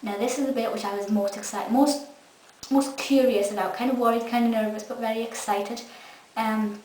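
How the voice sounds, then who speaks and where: A woman's voice: a little high, flat delivery, fairly quick, a little mellow. A young Scottish woman gushing through a casual episode review. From Scotland. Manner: enthusiastic, gushing. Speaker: fan reviewer. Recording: echoey room, mic far off, faint hiss.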